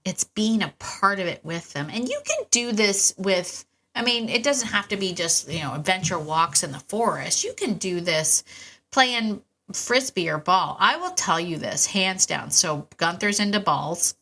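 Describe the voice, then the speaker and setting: A middle-aged woman with a low-pitched voice talks casually on her podcast. Her tone is bright and forceful, and she gets enthusiastic and chatty, with frequent asides. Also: expressive, unhurried. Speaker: podcast host and dog trainer. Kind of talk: casual solo podcast talk.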